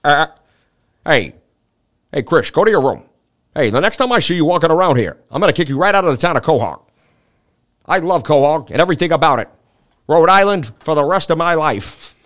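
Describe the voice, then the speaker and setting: A man's voice: on the high side, lively intonation, a little fast, pauses often, fairly bright tone. A man impersonating a bumbling, blustery cartoon father who bosses his kids around with lots of "hey" and "uh.". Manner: blustery, crude, throws in "hey" and "uh". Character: bumbling loud cartoon dad, crude and blustery.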